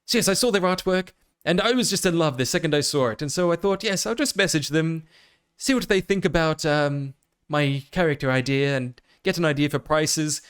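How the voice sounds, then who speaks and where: A man's voice: on the high side, brisk, smooth. An Australian man chatting casually on a live stream, rambling and self-amused with plenty of fillers. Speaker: VTuber streamer.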